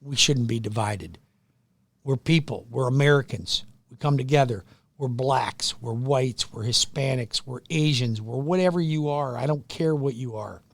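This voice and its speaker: A middle-aged man hosting a radio show, loud and pushy, joking at his own expense and going a bit hoarse from yelling. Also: mid-range voice, moderate pace, no echo. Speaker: radio show host, mortgage lender. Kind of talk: energetic radio sales pitch. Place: radio studio.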